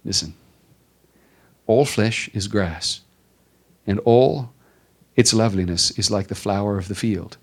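A male pastor preaching a sermon to his congregation, building with repeated emphatic phrases and dropping to quiet stresses. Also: on the low side, unhurried, pauses often. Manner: preaching with rising emphatic repetition.

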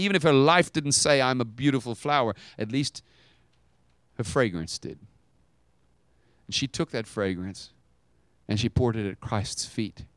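This sermon features a man recounting a story with flair, shifting between loud, high-pitched bursts and hushed, low-pitched passages, with no room sound in the recording.

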